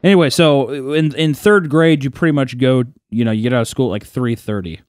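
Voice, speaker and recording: Profane, animated man telling a story. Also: mid-range voice, brisk, no room sound, studio quality. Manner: animated, profane, acts out quoted voices. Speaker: podcast co-host. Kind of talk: casual storytelling chat.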